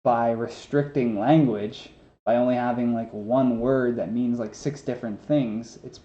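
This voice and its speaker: A man's voice: mid-range voice, steady tone, unhurried, mellow. A man in his twenties as a podcast guest, telling rambling stories with lots of fillers, who has trouble with his s sounds. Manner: rambling, filler-heavy storytelling. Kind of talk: casual chat. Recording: roomy, dull lo-fi sound with faint noise.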